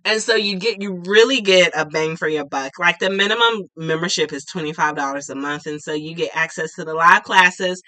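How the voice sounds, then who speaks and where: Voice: mid-range voice, a little fast, hardly any pauses, pushed and bright. A spiritual teacher hosting a live Q&A stream from home, talking casually in a rambling way with plenty of fillers, on a desk microphone. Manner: chatty, rambling, filler-heavy. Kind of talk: casual livestream chat.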